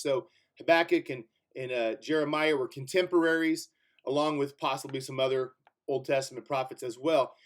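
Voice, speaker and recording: Man preacher teaching a casual Bible class. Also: fairly high pitch. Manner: conversational, fillers like "if you will" and "so anyways".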